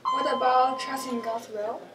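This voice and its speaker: Hesitant young woman, high voice. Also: steady tone, unhurried, music in the background. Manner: hesitant and agreeable, many fillers. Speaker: student acting in a school skit. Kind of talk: amateur skit acting.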